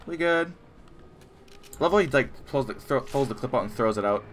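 A man's voice: medium pitch, animated, moderate pace, a little hiss or hum. A man hosting a game playthrough, chatting casually and bantering playfully with his co-player. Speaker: let's play host. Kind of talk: casual gameplay chat.

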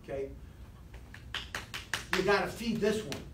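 A man leading a live motivational sales seminar, animated and rousing, constantly quizzing his audience, recorded from a distance in an echoey training room. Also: high voice, unhurried. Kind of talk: live seminar talk to a class. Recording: echoey room, distant mic, faint hiss.

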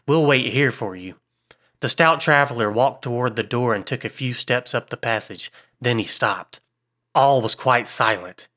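A man giving a measured, scripted narration of a horror story as an audiobook reader. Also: medium pitch, bright, forceful tone.

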